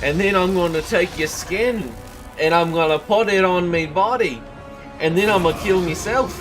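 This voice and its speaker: A man's voice: sits high, normal speed, over music, voice pushed up, lightly acted. A man putting on a mock British accent to play an over-the-top cockney thug making jokey threats. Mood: mock menacing. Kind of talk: streamer voicing a parody.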